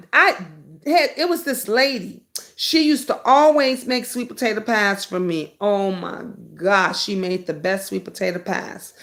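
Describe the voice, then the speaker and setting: A middle-aged woman hosting a casual live stream, chatting with viewers by name and breaking into high, excited bursts. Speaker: livestream host.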